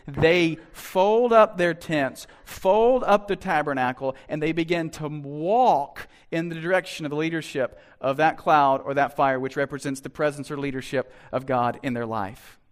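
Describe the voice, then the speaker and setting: A man preaching a sermon as pastor, acting out imagined voices and swinging between soft asides and loud, emphatic lines. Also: on the high side.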